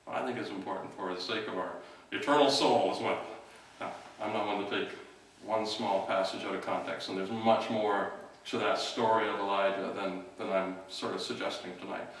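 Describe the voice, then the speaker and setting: A middle-aged man, the outreach worker of a church, introduces the evening's speaker in a relaxed, halting talk full of fillers and restarts. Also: lowish voice, slight background noise. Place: church hall. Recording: distant mic in an echoey hall.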